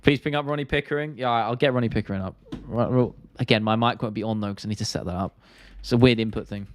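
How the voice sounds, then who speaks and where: A man's voice: medium pitch, fast, slight background noise. A young British man hosting a live stream, chatting casually and answering viewer questions in a laid-back, rambling, slangy way.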